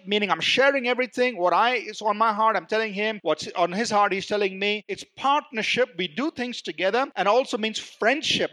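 A man's voice: sits high, fairly bright tone. A man preaching a teaching sermon, explaining Greek words and stressing key terms as he goes.

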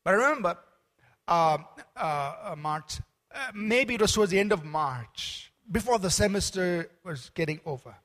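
High-voiced preacher in a reverberant hall. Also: male voice, expressive, normal speed, a bit bright. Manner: emphatic, calls out to the congregation; storytelling with many fillers and restarts. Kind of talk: sermon. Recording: long reverb of a large hall.

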